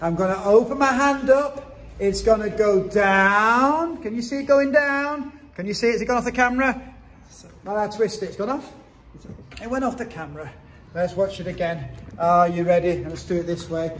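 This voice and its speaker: A man's voice: sits high, moderate pace, a bit bright, slight background noise. A man, a martial arts instructor, teaching a children's class to camera in an upbeat, playful way, counting drills and joking. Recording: echoey hall, far from the mic.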